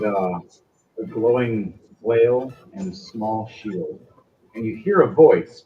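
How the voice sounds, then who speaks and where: Dark-voiced man running a tabletop game. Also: lowish voice, roomy sound, slight background noise. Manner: halting, conversational narration. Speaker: game master. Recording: dull lo-fi sound with faint music.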